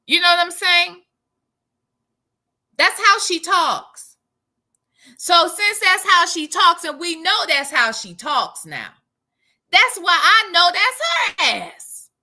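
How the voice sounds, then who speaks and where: A woman hosting a live stream, chatting casually and sassily and reading comments aloud. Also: extremely high pitch. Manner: animated, sassy, reads comments aloud.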